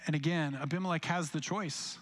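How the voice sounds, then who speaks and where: A man's voice: fairly high pitch, steady tone, fairly quick, a bit bright. A young man preaching a live church sermon, talking conversationally and acting out quoted lines as he tells a story. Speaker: pastor. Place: church sanctuary, recorded live.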